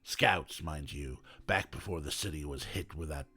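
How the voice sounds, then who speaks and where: A man voicing a gruff, weary middle-aged male detective with a rough, low voice and deadpan wisecracks. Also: moderate pace.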